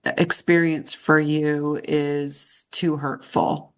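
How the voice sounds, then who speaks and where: A woman practicing as a counselor, calmly paraphrasing and reflecting back what she hears. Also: low-pitched, very slow, clear, resonant tone. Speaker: counselor in training.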